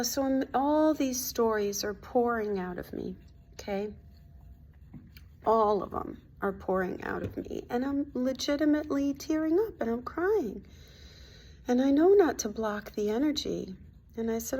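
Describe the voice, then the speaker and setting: Woman, spiritual vlogger: confiding, heartfelt, slight vocal fry, faint background noise. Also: on the high side, lively intonation, measured pace. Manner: heartfelt, confiding, drifts into soft near-whispers. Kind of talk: personal spiritual vlog.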